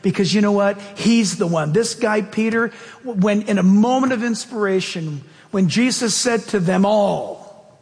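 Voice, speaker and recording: A man preaching from a pulpit, his voice sitting notably high for a man. He tells stories with lively, animated delivery, and long reverb trails after each phrase, as in a large hall. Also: measured pace. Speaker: pastor. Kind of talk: sermon.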